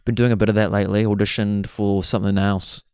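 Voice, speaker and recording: Young Kiwi host with a low voice, excitable, casual storyteller, dry close sound. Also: male voice, fast talker, smooth, dry recording. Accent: New Zealand. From New Zealand. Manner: excitable, says "bro" constantly. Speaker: podcast host.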